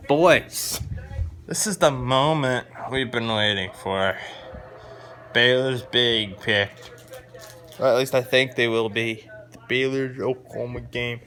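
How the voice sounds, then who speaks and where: Bright-voiced excitable young man. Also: on the low side, a little hiss or hum. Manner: excitable, rambling, opinionated. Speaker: vlogger. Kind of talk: casual sports rant to camera.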